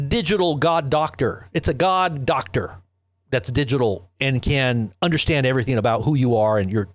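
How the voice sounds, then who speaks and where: A man's voice: on the high side, no room sound. Man ranting with rhetorical questions. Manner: rambling, repeats himself, rhetorical questions; preachy, quotes scripture. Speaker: news commentary host. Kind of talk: ranting news commentary.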